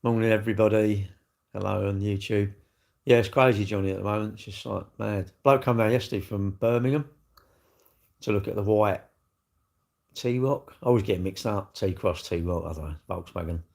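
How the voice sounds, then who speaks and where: A man's voice: lowish voice, moderate pace, creaky, darkish tone. An older man, hosting a casual livestream and chatting bluntly and jokily as he answers viewers' comments. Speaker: livestream host. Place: indoors, seated.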